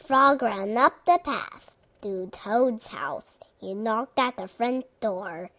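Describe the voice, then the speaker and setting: A woman reading a children's story aloud slowly and carefully. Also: fairly high pitch, lively intonation, fairly bright tone. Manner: slow, careful.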